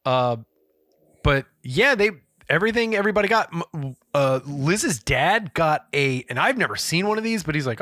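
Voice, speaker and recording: A man co-hosting a podcast, telling a story in a casual, profane and animated way. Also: on the high side, moderate pace, no room sound. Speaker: podcast co-host. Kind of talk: casual chat.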